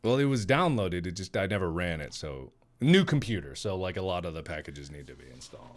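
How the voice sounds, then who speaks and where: A man's voice: low voice, big pitch swings, a little fast. A man co-hosting a casual gaming podcast, playful and mock-indignant as he jokes with friends. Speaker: podcast co-host.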